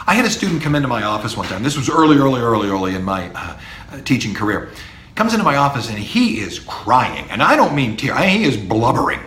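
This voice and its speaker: A man's voice: mid-range voice, very animated, fast, a bit bright, a little hiss or hum. A middle-aged man, a university professor, giving an emphatic podcast monologue to students, now and then mimicking their imagined replies. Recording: echoey room with faint ambience.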